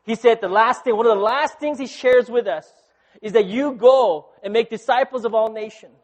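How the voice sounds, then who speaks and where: A middle-aged male pastor with a notably high voice, preaching in a chatty, personal way. He keeps checking in with his listeners and swings from loud, lively storytelling down to quiet, intense moments. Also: moderate pace, lo-fi sound. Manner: conversational preaching with frequent "right?" asides. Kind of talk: sermon.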